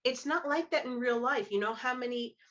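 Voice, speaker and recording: A woman's voice: high-pitched, fairly quick, lo-fi sound. A woman romance author chatting on a podcast panel, telling stories animatedly and acting out the quotes. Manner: animated storyteller, acts out quotes. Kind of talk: casual panel chat.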